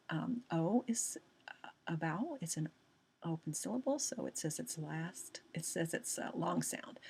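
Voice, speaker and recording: A woman's voice: on the low side, vocal fry, slightly rough. A woman teaching a recorded lesson, patient and chatty, often repeating herself and restarting sentences as she explains.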